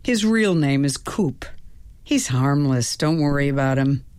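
Low and unhurried, a woman voicing a relaxed young male cop in a storybook reading, reassuring tone, dry close sound with no room around it. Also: smooth, no echo. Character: easygoing young male police officer.

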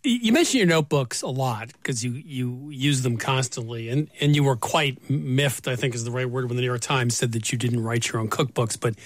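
Man, interviewer, conversational, halting restarts, dry sound. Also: medium pitch, no room sound. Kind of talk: interview questions.

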